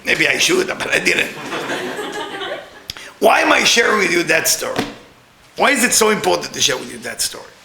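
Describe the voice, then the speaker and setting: A man's voice: high voice, very animated, moderate pace, creaky, pauses often, roomy sound, background noise. A middle-aged man teaching a Kabbalah class, telling a story with laughter and repeated words.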